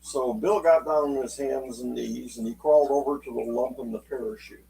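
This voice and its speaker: A man telling a true story aloud in an unhurried, folksy way, voicing the people in it as he goes. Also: medium pitch, fairly even intonation, vocal fry, mellow, far from the mic, a little hiss or hum, low-quality recording. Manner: unhurried, folksy, acts out quotes in dialogue. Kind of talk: spoken oral storytelling.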